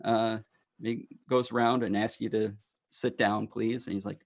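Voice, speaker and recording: A man narrating as dungeon master of a tabletop game, in a loose, halting way with many fillers. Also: fairly low pitch, little pitch movement.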